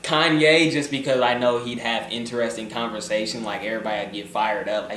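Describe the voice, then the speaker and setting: In a laid-back vlog, a young man responds to viewer questions with jokes, plenty of swearing, and mumbled trailing endings. He speaks at a quick pace with a medium pitch, fairly even intonation, and a slightly bright tone, captured from a distance in a roomy space with faint background noise.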